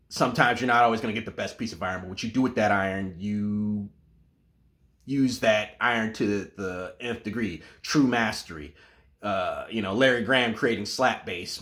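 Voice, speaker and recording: A man giving a casual, animated monologue about martial arts, full of asides and restarts. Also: medium pitch.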